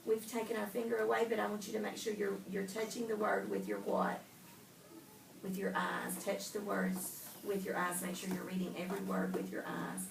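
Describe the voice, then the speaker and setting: A woman's voice: mid-range voice, level tone, moderate pace, creaky. A woman teaching young children to read, patient and prompting them with questions. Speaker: reading teacher. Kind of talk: guided reading with young children. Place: classroom. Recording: echoey classroom from far off, loud noise.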